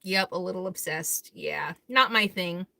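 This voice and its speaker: Hosting a laid-back live Q&A, this woman reads out viewer comments and responds bluntly and outspokenly, chatting candidly and laughing easily between thoughts. Her voice is on the low side, creaky and bright, with a forceful tone and an unhurried pace. The recording is dry.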